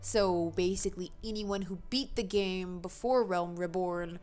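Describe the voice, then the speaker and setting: A woman's voice: lowish voice, measured pace, darkish tone. Casting a woman host for let's-play commentary: chatty, jokey, self-mocking, with faint game music underneath. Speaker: gaming channel host.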